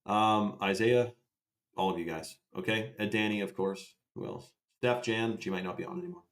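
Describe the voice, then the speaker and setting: A man's voice: lowish voice, moderate pace, gravelly. A man hosting a casual livestream. He answers viewers by name, swears freely and keeps a loose, chatty tone. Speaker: livestream host.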